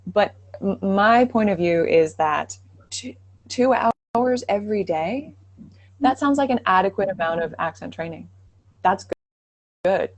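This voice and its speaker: A woman with a middle-range voice gives accent advice during a live stream. She explains calmly and keeps reassuring the people asking questions. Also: mid-range voice, poor audio. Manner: warm, encouraging, explanatory. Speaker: accent coach, co-host. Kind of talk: live online Q&A, giving advice.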